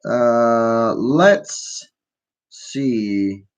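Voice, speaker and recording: A man runs a live call-in show from Canada, delivering a stoned, casual political rant full of profanity, rambling, and mockery. His mid-range voice is smooth and extremely slow.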